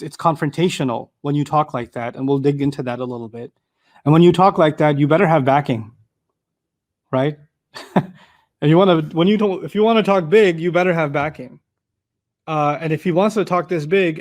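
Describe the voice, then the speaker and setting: Casting: male Quran teacher, high voice, relaxed chatty lecture style, quick Arabic quotes. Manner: conversational, explains with everyday examples and repeated restarts; recites Arabic verses quickly. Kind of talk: tafsir lecture.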